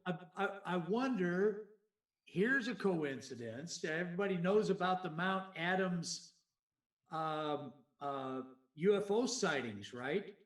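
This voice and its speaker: Male podcast co-host, high voice, rambling and stammery, echoey room, distant mic. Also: lively intonation, slow. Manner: rambling, musing, stammering repeats. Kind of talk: casual chat.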